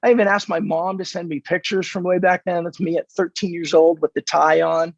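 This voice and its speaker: Talking a little fast, the American podcast guest from California, in his fifties, has a gravelly, husky voice pitched somewhat high for a man. He tells stories in a casual interview, acting out the lines with animation, and the remote recording is dull and dry.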